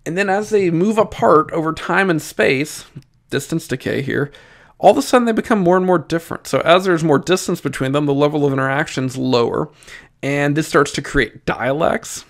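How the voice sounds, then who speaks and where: A man with a Southern US accent teaches an exam review in a lively, jokey way. His voice sits a little high for a man, and he talks right to his students. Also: normal speed, vocal fry.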